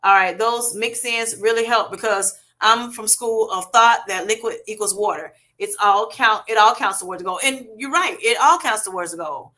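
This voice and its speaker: A woman's voice: medium pitch, moderate pace, hardly any pauses, sharp tone. A middle-aged woman hosting a casual livestream, reading viewer comments and answering in an affectionate, chatty way. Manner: chatty, affectionate, calls viewers honey and baby.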